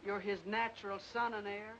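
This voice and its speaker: An actress plays a dry-witted older farm aunt with a drawl, talking in a homely, tart way. Her voice sits at an ordinary middle pitch. It comes through a muffled old film soundtrack with a faint hiss. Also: little pitch movement, normal speed, a bit bright, close to an everyday voice. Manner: folksy rural speech, dry tartness. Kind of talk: 1940s film acting.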